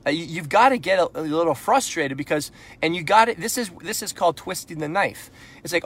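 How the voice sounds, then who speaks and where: A man's voice: fairly high pitch, lively intonation, brisk, a bit bright. Blunt, punchy Canadian man coaching sales. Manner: blunt, punchy, rhetorical questions; pushes into frustrated intensity. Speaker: sales coach and podcast host. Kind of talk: live sales coaching talk.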